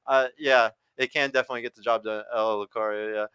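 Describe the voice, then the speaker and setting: A man's voice: fairly low pitch, steady tone, fast, pushed and bright, clear, resonant tone, dry recording. A man hosting a casual livestream podcast, talking brashly and with lots of swearing as he reads out chat comments. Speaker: podcast host and dating coach.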